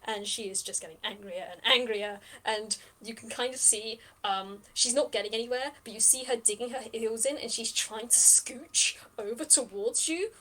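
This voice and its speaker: A woman game master narrating a tabletop game in a fairly high voice. She talks in a lively, chatty way, with fillers and quick laughs.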